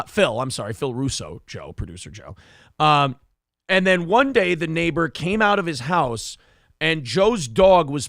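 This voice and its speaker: High creaky-voiced man hosting a podcast. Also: dry recording, studio quality. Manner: animated storytelling, mimics people in funny voices. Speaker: podcast host. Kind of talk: casual podcast chat.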